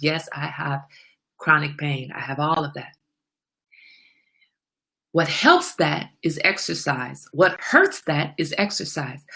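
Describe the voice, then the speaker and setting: A middle-aged woman hosting her own show, giving a candid, preachy motivational talk about slowing down. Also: on the low side, a bit bright. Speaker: host. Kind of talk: casual motivational monologue.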